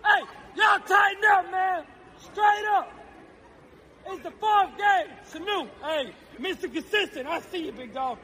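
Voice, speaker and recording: A man with a Southern accent, a sports fan shouting loud, taunting heckles at players. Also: extremely high pitch, unhurried, a faint crowd, slight background noise.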